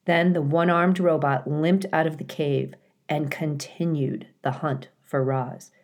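Woman teacher, unhurried read-aloud, deep-ish calm tone. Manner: calm, clear storytelling with occasional dramatic emphasis. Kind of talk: reading a children's novel aloud.

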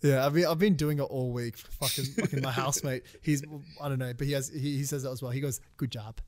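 A man's voice: mid-range voice, fairly even intonation, quick pace, darkish tone. A young man from Australia co-hosting a casual podcast chat, swearing freely and often laughing. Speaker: podcast co-host.

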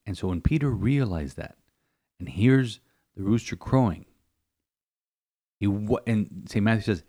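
A priest's low-leaning, mellow voice moves a little slowly through a homily-style podcast reflection on scripture. He is emphatic, repeats phrases, and frequently trips up and restarts his sentences.

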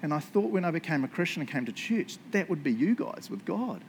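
A man's voice: on the high side, very animated, a little fast, a little hiss or hum. A man voicing an emotional teenage girl, a former witch, pleading insistently with a church youth group.

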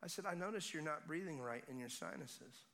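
A man preaching at a revival service, telling a story with swings between hushed quiet and loud excitement. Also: a little high, fairly quick, vocal fry. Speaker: guest preacher. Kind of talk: sermon testimony. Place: church service.

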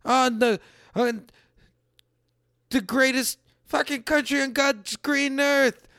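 A man around thirty doing a profane stand-up style rant, swinging between loud bursts and low mutters. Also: steady tone, slow, clear, resonant tone, dry recording, clean studio sound. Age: late 20s to early 30s. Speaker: comedian.

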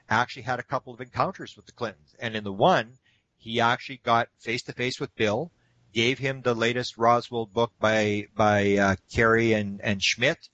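A man telling anecdotes in a casual interview, animated and acting out the quotes. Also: mid-range voice, dry recording. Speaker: guest speaker on UFO topics.

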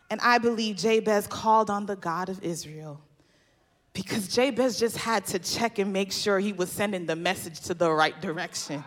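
A woman preaching a sermon, building to impassioned, shouted refrains. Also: mid-range voice.

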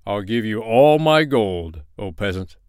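A man's voice: fairly low pitch, animated, measured pace, smooth, no room sound, clean studio sound. A man voicing a mighty storybook bear lord. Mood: grateful. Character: mighty gold-loving bear lord, gruff but grateful.

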